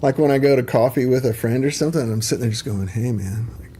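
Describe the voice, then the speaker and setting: Man, middle-aged, livestream host, casual rambling chat, lots of ums, warm dark tone. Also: medium pitch, rapid-fire, slight background noise. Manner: rambling, chatty, many ums and asides.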